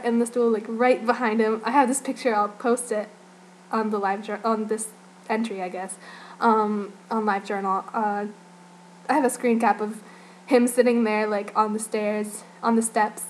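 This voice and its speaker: A woman's voice: fairly high pitch, a little hiss or hum. Giggly young woman gushing in a casual recap. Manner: giggly, gushing, heavy use of "like". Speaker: fan giving an event report.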